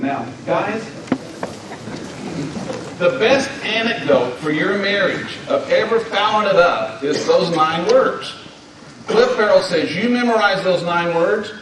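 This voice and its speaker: A man's voice: sits high, lively intonation, normal speed, a crowd in the background. Folksy man preaching in an echoey hall. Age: 50s. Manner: folksy, emphatic, leads the audience in call-and-response. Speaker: speaker at a men's gathering. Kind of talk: sermon on marriage. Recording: echoey hall, distant mic.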